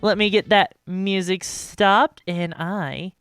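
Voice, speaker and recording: A woman's voice: mid-range voice, steady tone, slow pace, a bit bright, clear, resonant tone, no echo. A woman streaming live, chatting loosely with her viewers in a bubbly, rambling way. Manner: bubbly, chatty, talks to chat, rambling asides. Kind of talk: casual live-stream chat. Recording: dry close mic, faint music behind.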